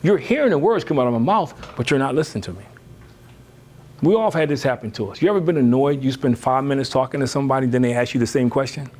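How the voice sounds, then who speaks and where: A man giving a lively motivational talk to parents, full of rhetorical questions and "you know.". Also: very fast, hardly any pauses. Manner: lively, emphatic, rising high when animated. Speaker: speaker on parenting.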